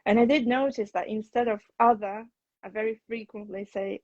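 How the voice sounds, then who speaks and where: A woman English teacher hosting a relaxed conversation, explaining things in a measured, thoughtful way. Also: a little high, dry recording. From outside the UK. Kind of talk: casual conversation on a video chat. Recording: dull lo-fi, dry sound.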